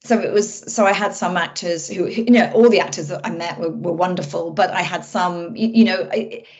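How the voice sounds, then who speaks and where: A woman film director being interviewed, chatting casually and telling stories in an animated way, often restarting her sentences. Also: lowish voice, normal speed. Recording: muffled lo-fi audio.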